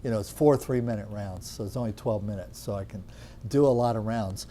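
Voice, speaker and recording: A man's voice: fairly low pitch, a little fast, dark tone, slight background noise. A middle-aged man who teaches natural medicine tells a rambling anecdote to a class, acting out the dialogue with lots of chatty fillers.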